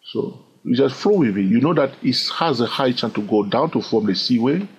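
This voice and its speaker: A man's voice: medium pitch, lively intonation, normal speed, a little hiss or hum. A man with a French accent teaching chart trading, repeating himself and often asking "yes or no?" to check on listeners. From France. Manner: repetitive, asks "yes or no?" often; says "blah, blah" to skip steps. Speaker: trading educator. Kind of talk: screen-share chart lesson.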